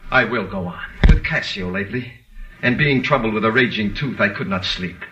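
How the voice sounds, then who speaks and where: Cunning villain for a vintage radio drama, bright-voiced and insinuating. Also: male voice, mid-range voice, low-quality recording. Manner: sly, insinuating, theatrical. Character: scheming cunning male villain Iago. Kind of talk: 1940s radio acting.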